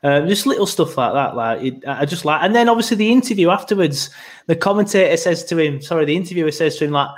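A man talking football in a relaxed, hesitant way on a casual podcast. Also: high voice, a little fast. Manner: laid-back, hesitant, many fillers. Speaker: podcast co-host.

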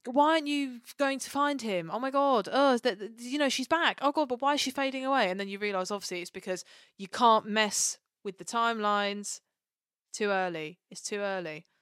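Excitable woman co-host, gushing chat, dry close sound. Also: on the high side, a little fast, clean tone, dry recording. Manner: gushing, excitable, acts out quotes. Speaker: podcast co-host. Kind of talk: casual chat.

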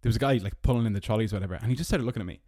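A man's voice: racing, a little mellow, no room sound, clean studio sound. A young man with an Irish accent, hosting a podcast alone from his car and rambling through stories with sarcastic asides. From Ireland. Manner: rambling storyteller, sarcastic, mock-squeaky when mocking. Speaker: podcast host. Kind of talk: casual solo podcast monologue. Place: parked car.

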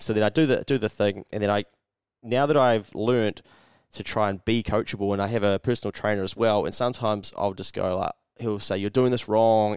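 Low-voiced, smooth New Zealand man. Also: darkish tone, no room sound, studio quality. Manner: storytelling, swears often, acts out his own thoughts. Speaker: podcast co-host. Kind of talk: casual chat.

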